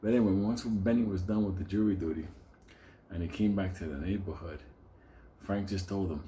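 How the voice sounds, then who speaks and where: A man's voice: low-pitched, fairly quick, warm tone, slight background noise. Man telling a profane, rambling anecdote. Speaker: storyteller. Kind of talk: casual anecdote.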